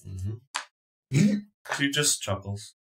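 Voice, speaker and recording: Guy dming a tabletop one-shot, lowish bright voice, laid back, faint hiss. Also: very slow. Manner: relaxed, chuckling, prompts for dice rolls. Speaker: dungeon master. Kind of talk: running a tabletop game.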